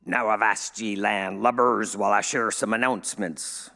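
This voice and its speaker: A man doing a gruff jokey pirate. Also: lowish voice, steady tone, normal speed, bright, forceful tone. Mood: playful.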